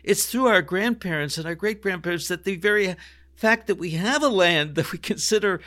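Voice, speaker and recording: A man's voice: high-pitched, sharp tone. Reflective older man rabbi telling a story. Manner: reflective, restarts sentences and quotes Hebrew phrases. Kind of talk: personal storytelling in a podcast interview.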